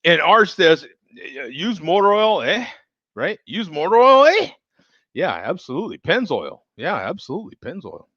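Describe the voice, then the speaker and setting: A man's voice: medium pitch, a bit bright, no echo, dull audio. A man casually reviewing a beer on a live stream, joking and laughing often as he chats with viewers.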